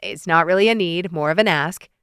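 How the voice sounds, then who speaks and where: An easygoing, good-humored fire chief in an audiobook, voiced by a woman reader. He talks in a relaxed, inviting way, with a smooth, clear tone and a dry, close sound. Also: high-pitched, brisk, dry recording. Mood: friendly. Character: friendly easygoing male firefighter chief.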